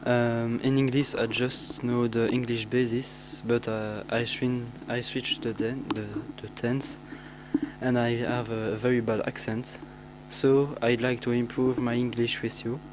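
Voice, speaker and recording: Teenage boy, halting speech, plain mid pitch, humming noise in the background. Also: little pitch movement. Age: teens. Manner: halting, many restarts and fillers. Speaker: student. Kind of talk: self-introduction to pen pals.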